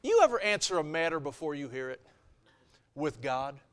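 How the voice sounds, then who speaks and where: A man preaching a sermon as pastor, telling a story with lively acted-out voices and swinging from quiet to loud. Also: fairly high pitch, moderate pace.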